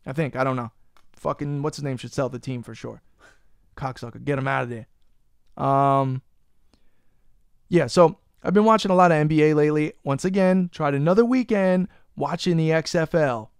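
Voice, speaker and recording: Podcast host, New man, higher voice, smooth and clear, foul-mouthed ranter. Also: normal speed, dry recording, studio quality. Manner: profane, ranting, teasing his co-host. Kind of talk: casual podcast banter.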